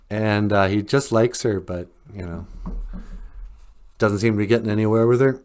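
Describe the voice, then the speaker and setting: A podcast host with a lowish, clean-toned voice tells a rambling story at a moderate pace, leaving long pauses. He stays relaxed, chuckling and using many fillers.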